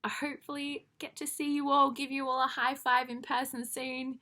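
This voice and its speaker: Young female kids' church leader, bright and slightly high voice, cheerful and encouraging, faint music behind. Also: little pitch movement, normal speed. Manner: upbeat, warm encouragement aimed at young children. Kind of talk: kids' lesson to camera.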